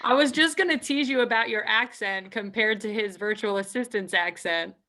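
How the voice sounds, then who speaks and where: A woman with a gravelly, bright voice hosts a networking video call. She is friendly and teasing as she steers the questions. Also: medium pitch, normal speed. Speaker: meetup host.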